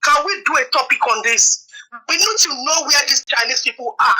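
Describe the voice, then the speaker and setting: A woman's voice: high voice, expressive, fairly quick, pushed and bright, rough recording. A woman calling in to a talk show, speaking in an urgent, alarmed, pleading way. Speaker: call-in caller. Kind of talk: call-in comment.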